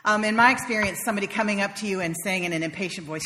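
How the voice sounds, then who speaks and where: A woman's voice: medium pitch, racing, pushed and bright, in a large hall. A woman minister from the South, preaching a sermon in a wry, conversational storytelling manner. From American South.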